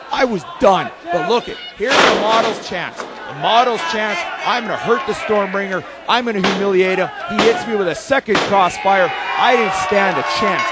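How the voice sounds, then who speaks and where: A man, a wrestler loudly and excitably calling his own match in boastful play-by-play. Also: sits high, very noisy. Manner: loud, excitable, boastful, shouting. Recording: loud arena crowd behind.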